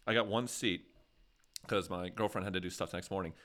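A man's voice: low-pitched, brisk, fairly bright tone. An American man hosting a casual podcast chat, telling rambling, jokey stories. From USA. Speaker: podcast host.

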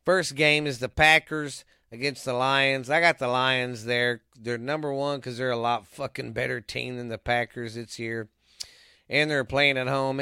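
A man hosts a casual sports show, reeling off records and picks in a loose, profane ramble. His voice is bright and forward with a smooth, clean tone. The sound is close and dry, with no room around it. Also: mid-range voice, steady tone, normal speed, no room sound. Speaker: podcast host.

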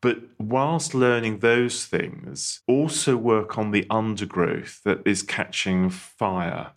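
A man with a very low voice who talks in an earnest, pastoral way. He lifts his pitch when he stresses a point, giving gentle counsel in a reflective spiritual chat. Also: slow pace.

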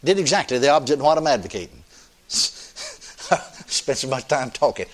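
An older man preaching a sermon in a folksy, animated way, often laughing with his congregation. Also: mid-range voice, normal speed.

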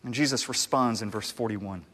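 A married man preaching a sermon as a pastor, talking in a conversational, animated way with frequent restarts. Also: fairly low pitch, normal speed. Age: adult, married. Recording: long hall reverb.

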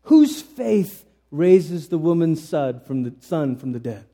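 Male pastor, fairly high warm voice, earnest sermon delivery, restarts, sudden emphatic swings. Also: big pitch swings, slow, hardly any pauses. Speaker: preacher. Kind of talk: conversational sermon.

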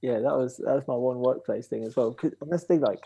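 A man's voice: medium pitch, fast, gravelly, mellow, slightly rough, no room sound. A young man telling a story in casual chat, acting out quoted voices with swearing and laughter.

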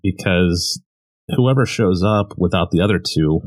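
Low-voiced man in relaxed podcast chat. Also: a little slow, dry recording. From Pennsylvania, US. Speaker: podcast co-host. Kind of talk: casual manga discussion.

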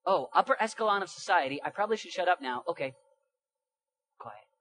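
A young man preaching a sermon and reading scripture aloud, emphatic and lively, dropping into casual slang and swinging from hushed asides to loud, punchy lines. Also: high-pitched, very fast. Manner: animated, emphatic, shifts from quiet to loud.

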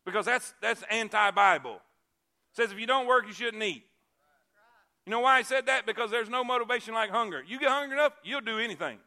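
Guy preaching in church, voice sits high, repeats stuff for emphasis. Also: expressive, brisk. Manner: emphatic preaching, repeats key phrases, swings from loud to hushed. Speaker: pastor. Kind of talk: sermon.

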